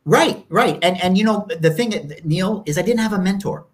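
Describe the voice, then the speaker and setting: With a high voice at normal speed, this fifties-aged podcast guest spins stories during an interview. When quoting people, he acts them out in raised voices.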